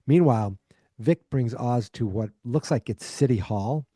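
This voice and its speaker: A man's voice: on the low side, expressive, normal speed, warm tone, no room sound, clean studio sound. A man hosting a podcast, casually recapping an episode in a rambling way full of fillers. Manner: rambling, filler-heavy retelling. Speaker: podcast host.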